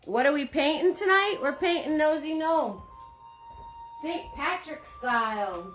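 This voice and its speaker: A woman's voice: sits high, lively intonation, a little slow. A woman hosting a live painting lesson, chatty and upbeat, greeting viewers by name as she gives steps. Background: faint Irish music.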